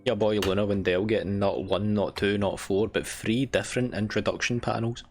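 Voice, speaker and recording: A man's voice: lowish voice, steady tone, normal speed, soft background music. A man hosting a let's play, making casual joking comments while playing. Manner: joking, chatty asides.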